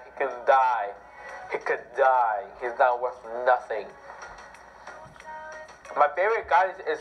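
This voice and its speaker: Teen boy, sick, excitable rambling game commentary, muffled sound, faint game music. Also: medium pitch. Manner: rambling, excitable, self-deprecating. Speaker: mobile game player. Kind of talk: casual gameplay commentary. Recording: dull lo-fi audio with faint music.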